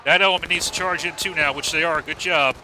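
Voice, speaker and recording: A man casting a large online battle match live, excitable and profane, urging players on and praising plays. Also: a little high, quick pace. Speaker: match caster. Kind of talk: live game commentary.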